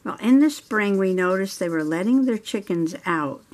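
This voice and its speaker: A middle-aged woman hosts a journaling video, telling a chatty story as she colors and laughing often. Her mid-range voice is animated and moves at a normal speed, in the easy manner of a casual crafting chat.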